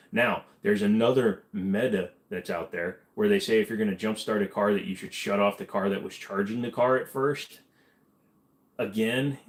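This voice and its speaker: Low-voiced joking man hosting a livestream. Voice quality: joking, rambling, reads chat comments aloud. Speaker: livestream host answering chat questions. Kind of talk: casual livestream chat.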